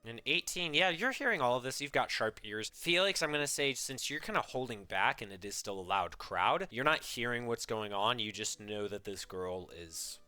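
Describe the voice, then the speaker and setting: A man running a tabletop game as game master, chatty and animated, with many fillers. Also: medium pitch, normal speed, hardly any pauses, clean tone, no room sound, soft background music.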